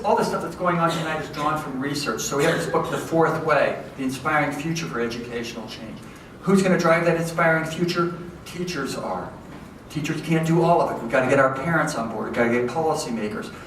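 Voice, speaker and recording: A man giving a lively, conversational lecture to educators, often checking in with his audience. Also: on the high side. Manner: lively, conversational, keeps checking in with "okay?" and "right?". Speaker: education professor giving a talk. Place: large hall with an audience. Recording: echoey hall from far off, faint noise.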